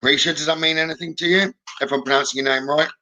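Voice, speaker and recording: Bright-voiced male psychic, reassuring. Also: a little high, fairly even intonation, rough recording. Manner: gentle, reassuring, frequent "okay?" checks; hesitant, with many "um" pauses. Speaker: psychic medium. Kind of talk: live-stream psychic reading.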